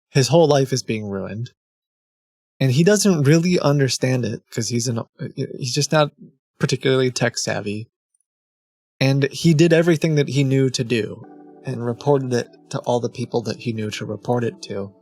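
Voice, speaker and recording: A man in his thirties talks casually as a show host at a medium, everyday pitch. He rambles through the tale with clear exasperation, and soft music plays faintly behind him. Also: dry recording, clean studio sound. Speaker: streamer and host of a scam-baiting show. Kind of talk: casual chat.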